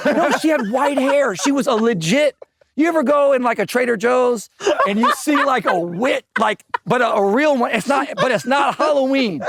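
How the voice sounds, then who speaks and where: A man, a guest musician, telling comedic childhood stories in a casual chat, animated and laughing as he acts out the people he quotes. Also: very high voice, normal speed, gravelly, a little hiss or hum.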